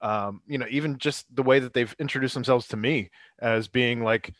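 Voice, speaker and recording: A man talking casual sports chat, excitable and full of fillers, laughing often between thoughts. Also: medium pitch, moderate pace, dry recording.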